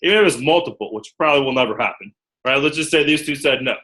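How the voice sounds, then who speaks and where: A man with a bright, forceful voice at an ordinary middle pitch. He coaches a small group of recruiters, acting out lines and checking in with them as he goes. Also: fast, rough recording. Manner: animated, acts out quotes, checks in with "okay?" often. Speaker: recruiter training a team. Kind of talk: group training talk.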